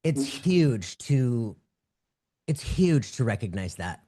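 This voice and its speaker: A man's voice: mid-range voice, sing-song, takes it slowly, warm tone, breathy edge. A man hosting an interview over a video call, affirming his guest and hesitating with "um" and "uh". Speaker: podcast host, medium. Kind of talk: interview chat.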